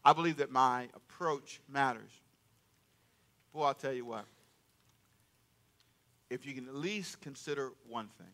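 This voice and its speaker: A man's voice: medium pitch, unhurried, long pauses. A man preaching a sermon as pastor in a church, calling out to the congregation for responses. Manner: call-and-response preaching, loud and emphatic. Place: church sanctuary.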